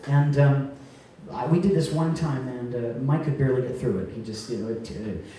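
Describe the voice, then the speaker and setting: A man's voice: mid-range voice, moderate pace, noisy background. Distant echoey man telling a story on stage. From Rhode Island. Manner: chatty and joking, trailing into soft tender moments. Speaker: cabaret singer presenting an award. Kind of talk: live stage speech to an audience. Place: cabaret venue stage. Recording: echoey room heard from a distance.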